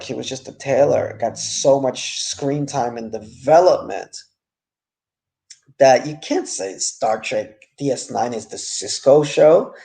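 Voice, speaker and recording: A man's voice: medium pitch, gravelly, mellow. A man giving a casual, frank, rambling review of a TV series episode.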